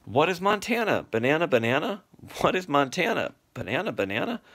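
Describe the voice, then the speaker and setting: Man voicing young cygnets, high-pitched, chanting sing-song questions, storybook read-aloud. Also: big pitch swings, a little fast, creaky, a bit bright, exaggerated voice. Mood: eager. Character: chorus of young swan cygnets, eager, curious.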